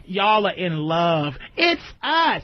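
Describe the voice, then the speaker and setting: A man with a very high-pitched voice rants on a radio talk show, cursing and arguing hard with a caller. The broadcast sound is muffled and dull. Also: sing-song, slow pace. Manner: profane, ranting, argumentative.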